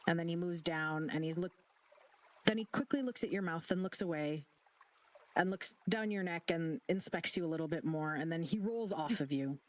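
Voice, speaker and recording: A game master narrating a tabletop role-play scene in close detail, with halting restarts. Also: mid-range voice.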